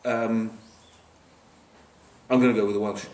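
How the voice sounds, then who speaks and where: Speaking a little slowly in a lowish, level, darkish voice, this man offers a laid-back rugby match preview laced with jokes, fillers and side comments. He's a rugby pundit recorded from a distance on a camcorder, so the sound is roomy with slight hiss or hum.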